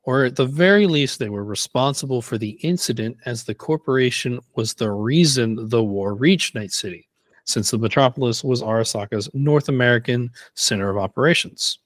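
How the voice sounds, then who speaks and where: A man co-hosts a casual podcast, reading from prepared notes at a steady, even pace and joining in brief banter. His voice sits in a middle range. The recording is dry and close. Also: mid-range voice, normal speed, dry recording. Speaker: podcast co-host.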